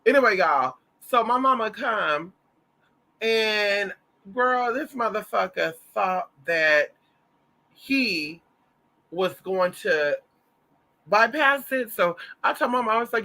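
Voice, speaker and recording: Sassy, bright-voiced man telling stories. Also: sits high, lively intonation, takes it slowly, vocal fry, pauses often. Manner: sassy, profane, dramatic storyteller. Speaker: vlogger. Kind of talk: casual storytelling to viewers.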